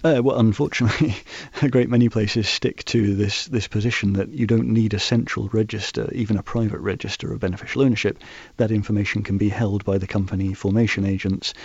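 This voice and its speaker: A man speaks as an expert guest in a radio interview, measured and precise, with occasional restarts. His voice sits low and sounds a little husky. The recording is dry but muffled and dull. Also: steady tone, a little mellow, no echo. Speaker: guest expert on financial transparency.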